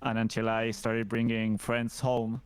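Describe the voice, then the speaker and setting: A man's voice: mid-range voice, completely flat delivery, measured pace, clean tone, dry recording. A man from Argentina with an Argentine Spanish accent, chatting easily as a podcast guest and laughing readily. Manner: easygoing, agreeable, laughs readily. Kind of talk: casual chat.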